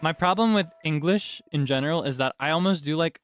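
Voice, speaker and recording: A man's voice: a little high, a little fast, a bit bright. A young man streaming, chatting casually in a rambling, self-correcting way with frequent chuckles.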